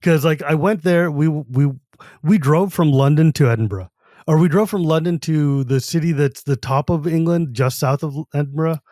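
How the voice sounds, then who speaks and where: A man's voice: on the high side, normal speed, mellow, dry recording. Joking podcast host, man, dry sound. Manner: laughs often, joking, says "like" a lot. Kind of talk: casual chat.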